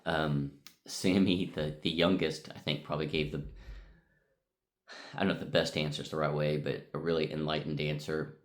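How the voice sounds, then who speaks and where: A man's voice: a bass voice, level tone, moderate pace. A middle-aged man from the United States recording a casual vlog recap in his hotel room, talking in a rambling way with many ums and uhs. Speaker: vlogger.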